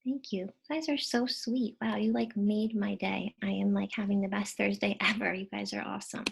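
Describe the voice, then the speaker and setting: A woman's voice: medium pitch, steady tone, normal speed, creaky, breathy edge. A woman teacher presenting a live webinar in a casual, bubbly way, thanking viewers and muttering to herself while she fixes tech trouble on a computer mic.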